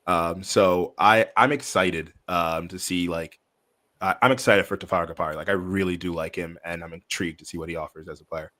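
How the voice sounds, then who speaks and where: A man's voice: sits low, fairly even intonation, brisk, bright, forceful tone. A young man co-hosting a casual basketball podcast, rambling with lots of fillers and restarts. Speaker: podcast co-host. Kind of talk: casual sports podcast chat.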